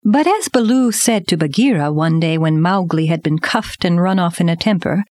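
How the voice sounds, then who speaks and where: A woman narrating a storybook aloud in a measured, expressive way. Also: lowish voice, no echo, clean studio sound.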